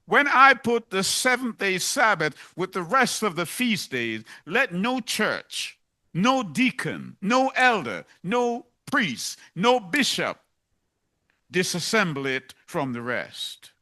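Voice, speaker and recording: A man's voice: high-pitched, very animated, slow, bright, forceful tone. A man preaching a sermon, emphatic and driving points home by repeating them.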